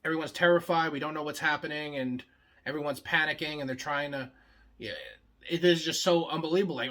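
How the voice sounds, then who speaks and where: A young man pitching show ideas in a casual comedic monologue, rambling and swearing freely, full of filler words. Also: fairly even intonation, pushed and bright. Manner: acts out the other characters' lines in quick bursts.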